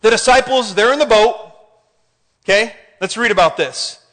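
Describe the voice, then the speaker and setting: A man preaching a sermon in an animated way, often asking the congregation questions. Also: sits high, moderate pace. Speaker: pastor. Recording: hall reverb.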